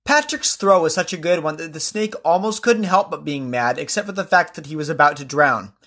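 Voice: mid-range voice, lively intonation, fairly quick, a bit bright. A podcast storyteller retelling legends, breaking in with casual asides to the listener. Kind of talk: storytelling narration.

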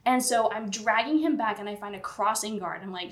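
A woman co-hosting a casual podcast, telling a lively story and laughing often. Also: medium pitch, fairly quick, few pauses, echoey room. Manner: animated storytelling, frequent laughter. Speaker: podcast co-host. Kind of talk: casual chat.

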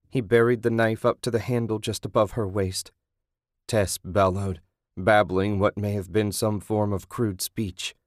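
A man narrating a graphic horror audiobook in a steady, scripted delivery. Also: lowish voice, dry recording, clean studio sound.

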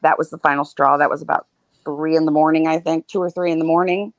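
On a dry recording, this podcast co-host talks fast in a deep voice as she recounts something that happened to her. She is frank and lively, laughing now and then even as the details turn grim.

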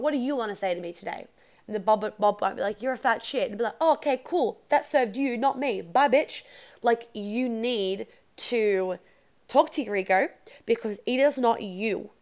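A young adult woman hosting her podcast alone, chatting candidly, swearing freely and going off on quick asides. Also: medium pitch. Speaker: podcast host and coach. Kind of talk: casual solo podcast chat.

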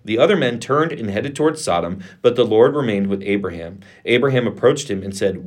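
A male pastor reading scripture aloud in a steady, measured voice. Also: on the low side. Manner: steady, measured reading voice with lifted delivery of quoted speech.

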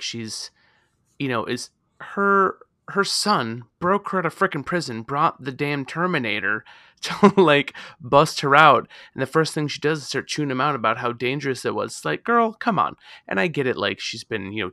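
A man co-hosting a casual podcast, talking about a film in an animated way, swearing freely and mocking the characters. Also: mid-range voice, no echo, studio quality. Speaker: podcast co-host. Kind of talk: casual movie discussion.

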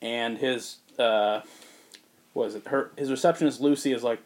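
A man on a podcast telling a story in casual chat, rambling with fillers and putting on quick voices for the characters. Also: mid-range voice, steady tone. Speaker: podcast co-host pitching a movie.

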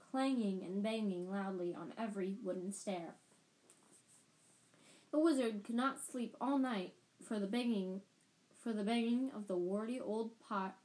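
A woman's voice: mid-range voice, a little mellow, low-quality recording. A woman reading a storybook aloud, often stumbling and restarting words. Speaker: podcast storyteller.

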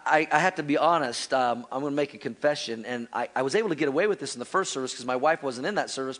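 High-voiced pastor telling a lively sermon. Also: male voice. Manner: animated storytelling, acting out voices. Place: church service before a congregation.

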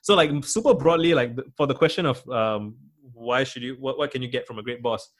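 A man's voice: mid-range voice, brisk. A young man, talking as a guest in a casual interview, rambling with many fillers and restarts.

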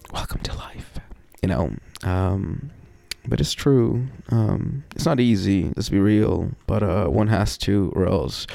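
A man's voice: fairly low pitch, vocal fry, warm tone, dry recording. A man in a casual personal monologue, rambling and reflective, leaning on "you know" and swearing often, with wry sighs and laughs between thoughts.

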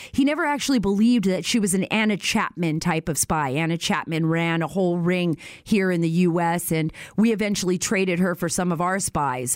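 A woman hosting a show, telling a story in a casual, animated way and acting out what others said. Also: medium pitch, dry recording, clean studio sound. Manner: animated storyteller, acts out quoted voices. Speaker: host.

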